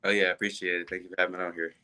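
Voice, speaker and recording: A teenage male football recruit answering interview questions in a soft-spoken, hesitant way, pausing often. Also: deep voice, flat delivery, clear, resonant tone. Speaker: guest, high school football recruit.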